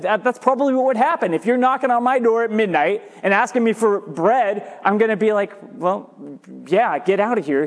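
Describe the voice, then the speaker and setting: A man preaching a sermon as pastor, animated and jokey, repeating his points for emphasis. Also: high-pitched. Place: church sanctuary. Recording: reverberant church hall.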